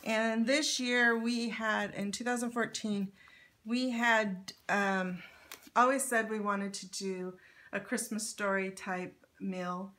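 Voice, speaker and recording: A woman's voice: medium pitch, fairly even intonation, slow pace, a bit bright. Chatty woman showing her scrapbook. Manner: chatty, many fillers, laughs lightly. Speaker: scrapbook vlogger. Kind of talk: casual show-and-tell narration.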